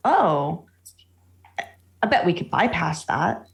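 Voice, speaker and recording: Woman, tabletop player, playful, slow talker, lively pitch. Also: creaky. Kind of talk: casual tabletop play.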